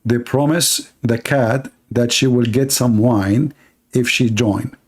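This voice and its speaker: A man's voice: mid-range voice, takes it slowly. A man giving sarcastic live-stream reaction commentary on a clip, rambling and mocking in broken English.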